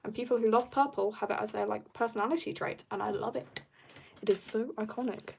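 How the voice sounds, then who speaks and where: A woman's voice: mid-range voice, fairly even intonation, a little fast, vocal fry, a little hiss or hum. A young woman chatting casually while drawing on a livestream, bubbly and joking as she reads viewer comments. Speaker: art livestreamer.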